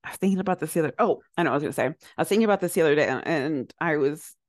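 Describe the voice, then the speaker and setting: A woman's voice: deep voice, expressive, rapid-fire, dry recording, clean studio sound. A young adult woman co-hosting a podcast, talking in a rambling, reflective way, full of "like" fillers. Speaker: podcast co-host. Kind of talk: casual chat.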